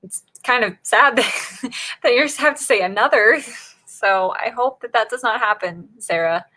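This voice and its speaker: Her voice fairly high and sharp, a Northern Virginia woman speaks at a measured pace while hosting a writing-sprint livestream. She chats casually with viewers and laughs often in reaction to chat.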